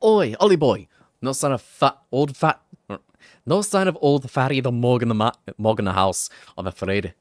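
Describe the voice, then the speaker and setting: A man voicing a cheeky, bossy little male fairy companion, talking in a loud, teasing way. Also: medium pitch, normal speed, no room sound, lightly acted. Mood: brash. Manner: brash, teasing, shouty.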